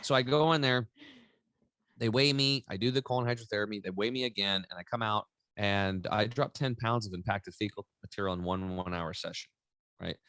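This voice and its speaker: Energetic man in his forties telling stories. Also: fairly low pitch, a little fast, no echo. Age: 40s. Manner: energetic, animated storyteller. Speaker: podcast guest. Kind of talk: casual storytelling interview.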